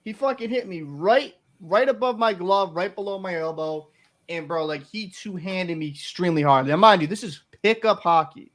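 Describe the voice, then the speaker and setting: Young guy cohost, swearing nonstop, fired up storytelling, kinda high voice. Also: normal speed. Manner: profane, animated storytelling, swears a lot. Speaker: podcast co-host. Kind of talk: casual podcast chat.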